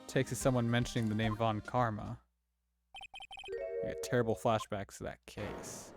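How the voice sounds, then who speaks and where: A man's voice: lowish voice, level tone, moderate pace, long pauses. A young man casually chatting while streaming a game, slangy and loose. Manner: casual, slangy, says bruh. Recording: game music behind.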